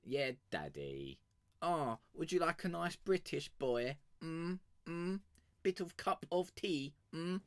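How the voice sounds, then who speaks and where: A man's voice: fairly high pitch, big pitch swings, takes it slowly, no echo, studio quality, pitched above the performer's own voice, exaggerated voice. A man putting on a purring mock flirt. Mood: mock-seductive. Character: flirty mock-seductive voice teasing chat.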